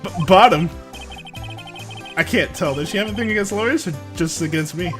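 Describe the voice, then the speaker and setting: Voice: mid-range voice, quick pace, over music. A streamer chatting casually during a live game stream, laughing often and poking fun at themself. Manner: laughs often, self-deprecating.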